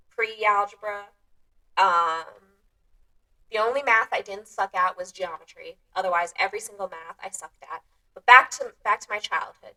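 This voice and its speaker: With a sharp tone at medium pitch, a woman talks casually and self-deprecatingly as host of her own podcast, frequently laughing at herself. The recording places her voice somewhat distant from the mic.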